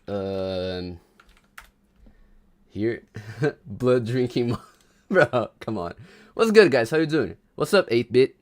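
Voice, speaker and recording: A man's voice: medium pitch, expressive, slow pace, pauses often. Chatty male livestreamer greeting viewers. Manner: chatty, greets viewers by name, hypes up the crowd. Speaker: livestream host. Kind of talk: casual livestream chat.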